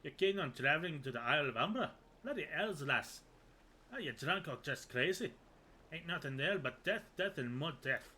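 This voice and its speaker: A man voicing a gruff, rough-spoken dockside character in a put-on rough accent. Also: a little high, lively intonation, normal speed, bright, forceful tone, slight background noise, voice pushed up. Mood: scornful. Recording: game music behind.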